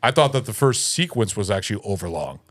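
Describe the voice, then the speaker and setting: A man co-hosts a casual film podcast. He steers the talk with rambling questions and talks quickly. His voice is recorded dry and close. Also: fairly low pitch, sing-song, dry recording. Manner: leads discussion with questions, rambling. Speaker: podcast co-host. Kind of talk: casual chat.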